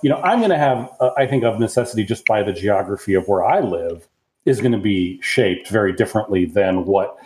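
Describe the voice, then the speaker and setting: A man's voice: lowish voice, animated, a little fast, a little mellow, reverberant, slight background noise, rough recording. An American man with a Southern accent chatting on a podcast, rambling with many fillers. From United States. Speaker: podcast co-host. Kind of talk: casual podcast chat.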